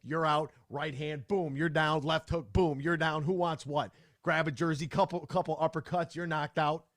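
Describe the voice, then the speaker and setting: A man hosting a sports talk radio show, ranting in a fired-up way with quick repeated restarts, into a studio microphone. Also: on the high side, steady tone, fairly bright tone, no echo.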